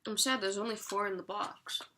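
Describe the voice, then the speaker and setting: A woman's voice: mid-range voice, steady tone, fairly quick, noisy background. A young woman vlogging an unboxing in a chatty, giggly way, sometimes talking while she eats. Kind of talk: casual unboxing chat.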